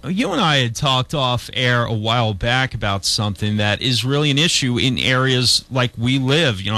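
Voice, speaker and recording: A man's voice: mid-range voice, pushed and bright, dry recording. Chatty male radio host, dry studio sound. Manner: chatty, rambling with restarts. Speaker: radio talk show host. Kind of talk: casual radio talk.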